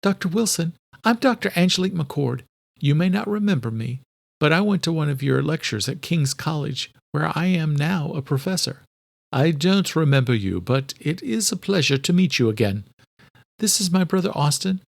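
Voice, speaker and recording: A man's voice: fairly high pitch, lively intonation, normal speed, vocal fry, voice pushed up. A man doing a poised woman professor, raised voice. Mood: courteous. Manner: polite, formal introductions. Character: poised female professor and doctor, adult.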